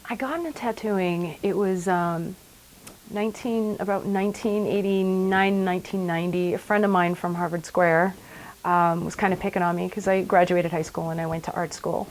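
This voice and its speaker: Middle-aged woman, shop owner, relaxed lowish voice, tells stories and voices quotes. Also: normal speed, rough recording. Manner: chatty storyteller, acts out quotes. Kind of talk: documentary interview.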